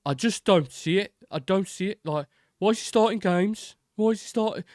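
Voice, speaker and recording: A man's voice: high-pitched, moderate pace, darkish tone, dry recording, voice pushed up, natural voice. A man doing an impression of a grumbling male football pundit with a Birmingham accent, repeating himself in whining disbelief. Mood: baffled.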